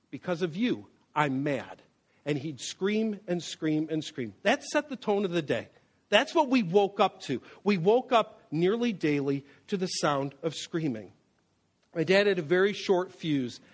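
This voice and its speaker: A man preaching about anger in an animated, storytelling way, weaving in personal memories. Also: sits high. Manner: animated, storytelling, with acted quotes. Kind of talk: sermon on anger with personal stories.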